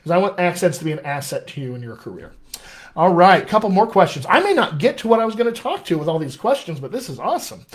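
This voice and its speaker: A man's voice: high-pitched, sing-song, quick pace. A man working as a dialect coach, answering viewer questions in a casual live-stream chat with an upbeat, chatty manner.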